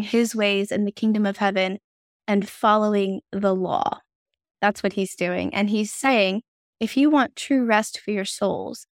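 A woman's voice: medium pitch, no echo, clean studio sound. Enthusiastic woman podcast host. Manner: enthusiastic, affirming. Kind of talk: casual faith podcast chat.

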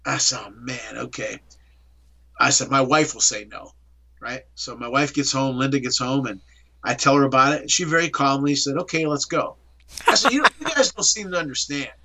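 Over slight background noise, a middle-aged interview guest from the Pittsburgh area speaks in a gravelly, mid-range voice at a moderate pace. He tells his story animatedly and acts out the exchanges.

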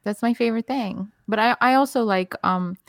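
A woman's voice: fairly high pitch, moderate pace, vocal fry, no room sound, studio quality. A woman co-hosting a podcast, chatting casually and jumping in eagerly. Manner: eager, jumps in excitedly. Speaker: podcast co-host. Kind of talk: casual chat.

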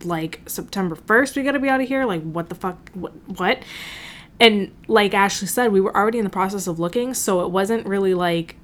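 A woman's voice: medium pitch, fairly quick. A woman co-hosting a podcast, telling a story in casual chat, swearing often and acting out what people said. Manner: animated storytelling, swears often, acts out quotes. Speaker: podcast co-host.

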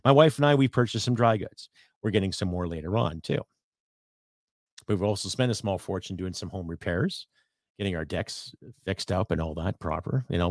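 A Canadian podcast host with a low voice delivers an angry, sarcastic monologue rant, swearing at times. The recording is clean studio sound with no room tone.

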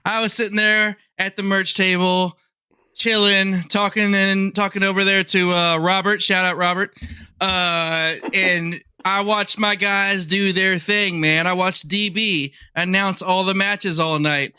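Male co-host, high bright crisp voice, dry close sound, playful hype. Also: little pitch movement, unhurried, no room sound. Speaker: podcast co-host. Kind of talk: casual chat.

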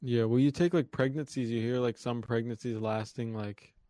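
A young man co-hosting a podcast, chatting casually in an easygoing, halting way. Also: medium pitch, steady tone, dark tone, dry recording, clean studio sound. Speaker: podcast co-host. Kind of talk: casual chat.

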